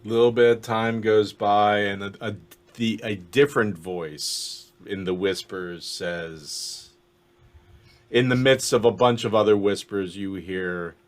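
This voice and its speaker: Slow, low-voiced male dungeon master. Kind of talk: narrating a tabletop game.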